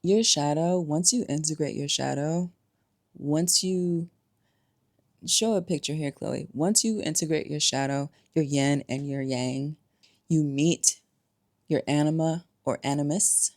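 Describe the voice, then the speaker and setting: A woman's voice: low voice, measured pace, darkish tone. A woman giving emphatic, conversational commentary to camera, full of rhetorical questions. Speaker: spiritual vlogger.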